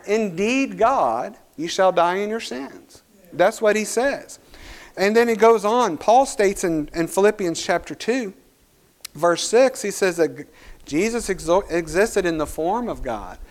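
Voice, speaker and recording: A man's voice: high-pitched, lively intonation, unhurried. A male pastor preaching a sermon, reading scripture aloud and building to emphatic points.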